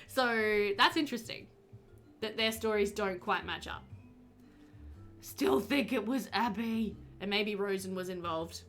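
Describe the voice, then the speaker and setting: A woman's voice: mid-range voice, unhurried, a bit bright, faint music behind. A woman streaming a murder mystery game, thinking aloud in a chatty, giggly way. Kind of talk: casual game commentary.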